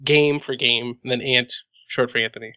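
A man's voice: mid-range voice, fairly even intonation, normal speed, pushed and bright, clear, resonant tone. A man speaking as a laid-back, wry guest on a podcast. His audio is dull and lo-fi, with a dry sound and little room echo. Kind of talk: casual podcast chat.

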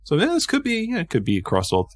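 A man co-hosts a casual podcast chat, joking, animated, and laughing often. His voice sits on the high side and moves quickly, with clean studio sound and no echo.

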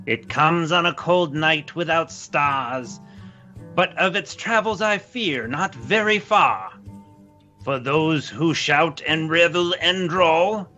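A man's voice: fairly high pitch, slow, bright, forceful tone, lo-fi sound, faint music behind. A man voicing a blind, cryptic old moth priest who speaks in ominous rhymes, in an audio drama. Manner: cryptic rhyming prophecies, cranky.

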